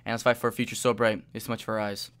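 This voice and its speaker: A man's voice: lowish voice, little pitch movement, racing, noisy background. A young man chatting casually to camera as a vlogger, rambling with lots of fillers and restarts and now and then cooing affectionately at his pet. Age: young adult.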